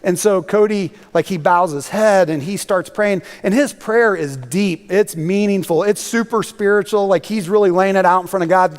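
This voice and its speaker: Man, guest preacher, high voice, conversational storytelling, echoing hall. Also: moderate pace, hardly any pauses. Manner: conversational storytelling with many fillers. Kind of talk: sermon. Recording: long reverb of a church hall.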